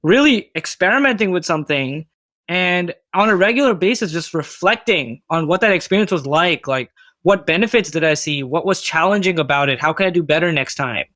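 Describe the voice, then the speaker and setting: Podcast guest, male; slightly high pitch, dry close mic, relaxed reflective chat. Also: brisk, dry recording. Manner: reflective, many fillers like "like" and "you know". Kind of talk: casual conversational interview.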